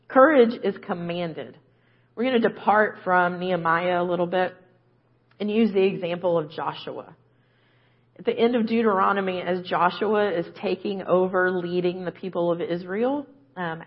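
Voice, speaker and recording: A woman's voice: lowish voice, dull audio. A woman preaching a conversational sermon, often checking in with "right?". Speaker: guest preacher.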